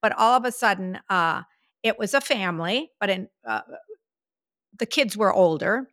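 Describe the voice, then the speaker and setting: A woman's voice: medium pitch, normal speed, dry recording, clean studio sound. A woman in her fifties co-hosting a podcast, chatting and telling stories, acting out what people said. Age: 50s. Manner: chatty storyteller, quotes herself in lively voices. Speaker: podcast co-host. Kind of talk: casual chat.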